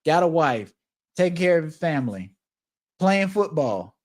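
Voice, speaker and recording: A man's voice: on the high side, big pitch swings, normal speed. A man co-hosting a casual talk show, earnestly arguing his point and defending others. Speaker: podcast co-host.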